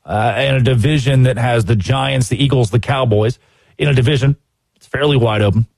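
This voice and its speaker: A man hosting a sports talk show, giving opinionated commentary in an animated, exasperated way and acting out quotes. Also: medium pitch, fairly quick, gravelly, no room sound.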